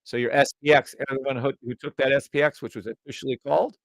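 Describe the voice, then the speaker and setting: A man's voice: mid-range voice, steady tone, fast talker, slight background noise. A man hosting a live trading stream, chatting to viewers and humming la-da-da tunes between chart calls. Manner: hums la-da-da tunes while reading charts; chatty, addresses viewers directly.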